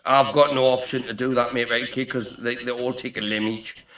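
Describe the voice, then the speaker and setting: Geordie bloke, middle-aged, rambling, "right, okay?", faint room hum behind. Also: male voice, medium pitch, fairly even intonation, fairly quick, a bit bright. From Britain, Newcastle. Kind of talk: joking banter. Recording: echoey room with faint ambient noise.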